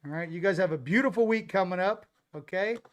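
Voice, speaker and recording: A man hosting a casual livestream, giving hyped shout-outs and rambling loosely to viewers. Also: high-pitched, fairly quick. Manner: loose, rambling, repeats "ladies and gents". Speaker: host.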